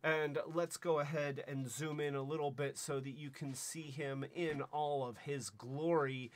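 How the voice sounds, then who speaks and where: Man, toy reviewer, casual, playful, rambling, slightly high voice. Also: steady tone, measured pace.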